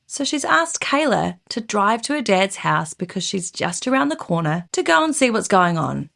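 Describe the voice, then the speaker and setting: A woman co-hosting a podcast, telling a true-crime story in a casual, animated way and acting out the quotes. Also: medium pitch, moderate pace, vocal fry. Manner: animated, laughs often, acts out quoted voices.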